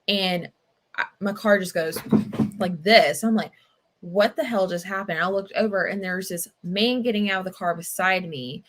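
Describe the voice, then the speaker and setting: Young woman, livestream host, casual chatty delivery, filler-heavy, animated in storytelling. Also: on the low side, moderate pace, noisy background. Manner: chatty, rambling, many fillers, animated when telling a story. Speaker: livestream book-club host.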